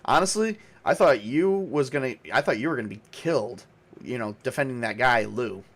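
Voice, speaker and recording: A man's voice: medium pitch, lively intonation, fairly quick, fairly bright tone, slightly rough. A man voicing a wary, defiant female hunter from Texas in a solo tabletop game, talking casually with a drawl. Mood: blunt.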